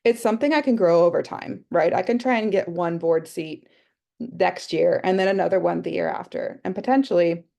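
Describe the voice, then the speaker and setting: A woman's voice: on the low side, brisk, creaky, dark tone. An Australian woman presenting an online workshop on a video call, chatty and thinking aloud with lots of fillers. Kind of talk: casual online workshop talk.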